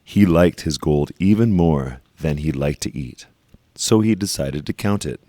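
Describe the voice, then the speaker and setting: A man reading a children's storybook aloud, leaning slowly and emphatically on repeated phrases. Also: very deep voice, animated, warm tone, no room sound, clean studio sound.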